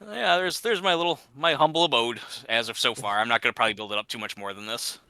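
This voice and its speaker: A man's voice: mid-range voice, quick pace, bright, forceful tone, clear, resonant tone, dry recording. A man chatting casually and rambling while playing a game, laughing at himself often. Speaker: gamer. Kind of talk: casual gaming chat.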